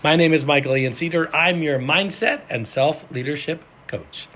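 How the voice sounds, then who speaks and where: With a voice on the high side and a moderate pace, this coach delivers motivational mindset and self-leadership content, animated and full of sudden loud stresses. A faint hiss or hum is audible.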